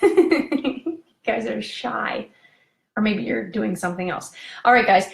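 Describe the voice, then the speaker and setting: A woman's voice: on the high side, expressive, takes it slowly, gravelly, reverberant. A woman hosting a casual live video chat, gushing and wandering off on tangents. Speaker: parenting coach hosting a live video talk.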